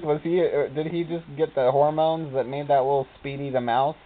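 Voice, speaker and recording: A man's voice: fairly high pitch, fairly even intonation, moderate pace. A man giving casual gameplay commentary, telling rambling stories and quoting characters in silly voices. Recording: tinny phone-like recording.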